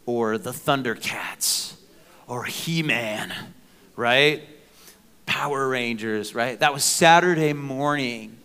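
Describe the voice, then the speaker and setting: A middle-aged man preaching a sermon in a conversational, animated way, with joking asides and playful sound effects. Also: mid-range voice, clear, resonant tone. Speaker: pastor.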